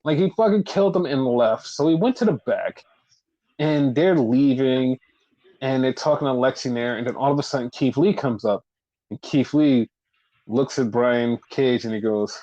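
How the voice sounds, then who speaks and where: A man co-hosting a podcast, casually recapping wrestling in animated, profane storytelling that acts out the quotes. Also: medium pitch, normal speed. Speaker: podcast co-host. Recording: dull lo-fi podcast audio.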